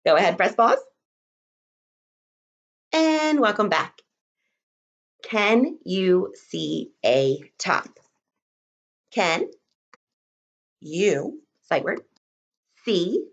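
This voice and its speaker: A young woman teaching kindergarten remotely from home, speaking in a slow, encouraging, sing-song teacher voice and sounding words out. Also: mid-range voice, fairly bright tone. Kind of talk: remote lesson for young children. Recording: dull lo-fi recording.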